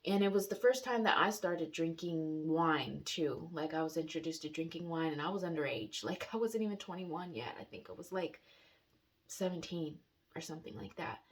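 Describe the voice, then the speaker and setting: A young adult woman telling a personal story in a casual, rambling way, with restarts, pauses and the odd wry laugh. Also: deep voice. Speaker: vlogger sharing personal story.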